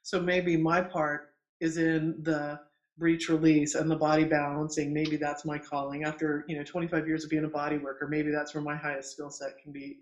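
Animated middle-aged man telling stories. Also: on the high side, moderate pace, highs cut off. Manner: animated, acts out quoted voices, laughs often. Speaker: midwife. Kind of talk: casual storytelling in conversation. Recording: roomy echo.

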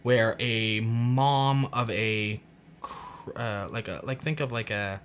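A man's voice: on the low side, slow, a little hiss or hum. A male actor telling a funny story in casual conversation, laughing often as he talks. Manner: laughs often, lively anecdote.

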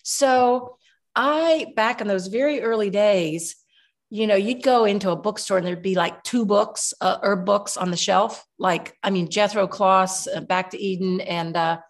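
A woman's voice: mid-range voice, a little slow. Older woman telling rambling stories. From Kentucky. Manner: rambling, warm storyteller with many restarts. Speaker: guest herbalist. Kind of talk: relaxed storytelling interview.

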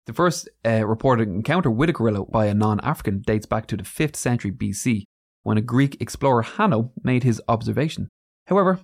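A man's voice: mid-range voice, a little mellow. A man co-hosting a podcast, telling facts in a loose, chatty way with asides. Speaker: podcast co-host. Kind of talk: casual storytelling chat.

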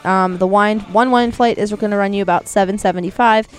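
A woman co-hosting a casual podcast, chatting and reading food and drink items slowly and carefully, recorded outdoors. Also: medium pitch, steady tone, soft background music. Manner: chatty, reads item names slowly and carefully. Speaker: podcast co-host. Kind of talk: casual chat reading a menu. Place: outdoors at home.

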